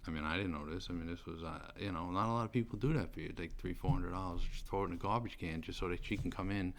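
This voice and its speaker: His voice sits low and moves at a quick pace as the middle-aged man describes his sentencing in a personal, meandering way. Fillers and restarts pepper the casual account, and there's faint noise in the background.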